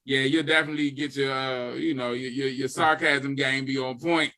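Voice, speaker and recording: A man's voice: medium pitch, fairly even intonation, normal speed, pushed and bright. A man hosting a podcast in casual chat, laid-back, laughing easily and using plenty of fillers. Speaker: podcast host.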